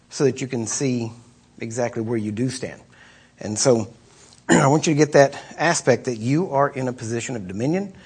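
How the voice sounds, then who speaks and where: A middle-aged man preaching an informal sermon. He talks to his listeners in a conversational way, asks "right?" again and again, and often clears his throat. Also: mid-range voice. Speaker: preacher teaching on deliverance.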